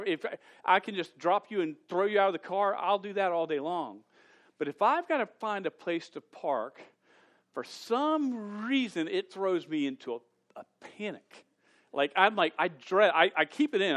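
Animated, chatty male pastor. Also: on the high side. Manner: animated, chatty, lots of restarts. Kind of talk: casual youth sermon. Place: church room with an audience.

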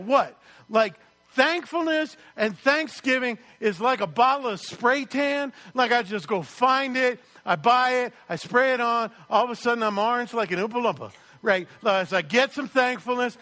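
A man preaching a sermon as pastor, lively and conversational, asking his congregation rhetorical questions. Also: very high-pitched, moderate pace.

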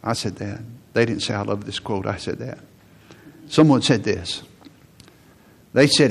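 A male pastor delivers a sermon in a conversational way. His voice is gravelly with a husky edge. He slips into other people's words to act them out. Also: medium pitch, normal speed, pauses often. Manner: conversational preaching, acts out quotes.

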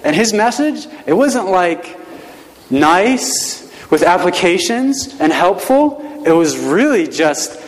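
A male pastor preaching a sermon in a relaxed, conversational way, with many rhetorical questions. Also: sits high, slow, in a large hall, low-quality recording.

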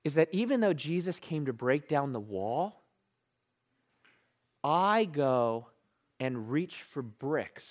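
A man preaching a sermon as a pastor, telling stories with animated, playful self-mockery. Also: a little high, takes it slowly, long pauses.

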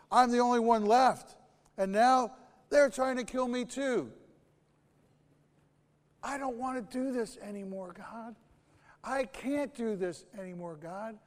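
Preacher doing a loud, fed-up prophet, high voice, reverb from a big hall. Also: male voice. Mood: exasperated. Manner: loud, agitated complaining. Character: despairing, worn-out male prophet ready to quit.

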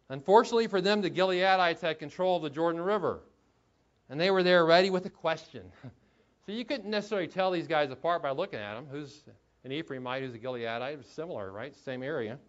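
A man's voice: fairly high pitch, fast talker. Conversational man preaching, lo-fi. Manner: conversational, chuckling asides, rhetorical questions. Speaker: pastor. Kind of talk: sermon. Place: church.

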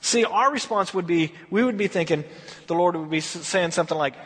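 High-voiced man preaching in a reverberant hall. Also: animated, a little fast, fairly bright tone, husky. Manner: conversational storytelling, acts out quotes. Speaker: pastor. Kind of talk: sermon.

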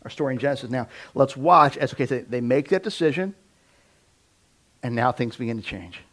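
A pastor gives a conversational sermon, animated and a little fast, voicing Bible figures and often dropping to a low, quiet voice.

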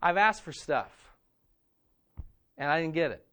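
High-voiced earnest man preaching a sermon. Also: expressive, unhurried, fairly bright tone. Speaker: pastor.

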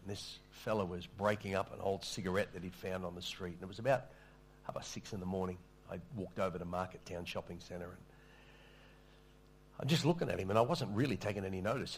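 A man's voice: on the low side, slight background noise. A middle-aged man preaching a sermon, telling a story in a conversational, self-deprecating way with small stammers. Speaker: pastor.

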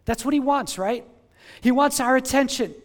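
Middle-aged pastor guy preaching, really high voice, earnest, keeps asking the crowd to say it back. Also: normal speed. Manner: earnest, repeats words, calls on the congregation to respond. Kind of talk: sermon.

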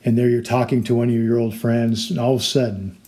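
A male pastor delivering a sermon, earnest and steady as he walks through scripture. His voice sits at an ordinary middle pitch, and now and then he slips into the voices of the people in his stories. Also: brisk. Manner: earnest and illustrative, acting out quoted voices.

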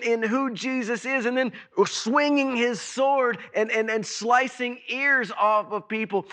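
A man preaches to his congregation with a high, ringing voice. He speaks slowly and deliberately, stacking repeated phrases. His delivery swings from loud emphasis to quiet, drawn-out words. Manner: preaching with emphatic repetition and sudden swings in loudness. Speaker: pastor. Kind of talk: sermon.

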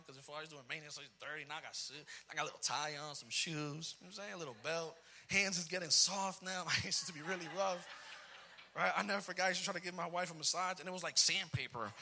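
Animated storytelling preacher man. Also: fairly high pitch, slight background noise. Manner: animated, comic, mixes in Spanish phrases. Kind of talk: storytelling sermon.

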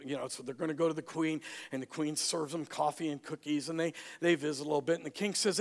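A man preaching a sermon, an animated storyteller who acts out the characters. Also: on the high side, a little fast, big-room sound. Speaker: pastor.

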